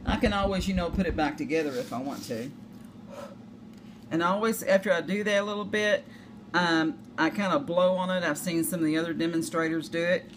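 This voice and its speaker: Southern lady doing a craft demo, kinda low voice, chatty, noisy room. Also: fairly quick. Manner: chatty, self-deprecating, rambling asides. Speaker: craft demonstrator. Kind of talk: casual crafting tutorial. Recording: noisy home recording.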